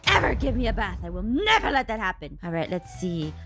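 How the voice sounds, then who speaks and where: A woman's voice: mid-range voice, big pitch swings, brisk, creaky, a bit bright, faint music behind. A woman voicing a mischievous, bratty little girl kitten in a Minecraft role-play, meowing a lot and scheming. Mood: sneaky. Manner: meows constantly, gleeful and sneaky.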